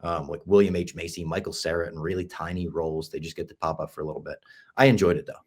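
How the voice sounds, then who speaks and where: A man hosting a podcast, chatting casually and enthusiastically, sometimes dropping to a hush for asides. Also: sits low, fairly even intonation, fast talker, breathy edge. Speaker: podcast host.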